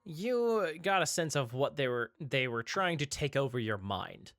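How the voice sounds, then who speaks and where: A game master narrating a tabletop game in a relaxed way, laughing into the narration. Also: mid-range voice, measured pace, no room sound, studio quality.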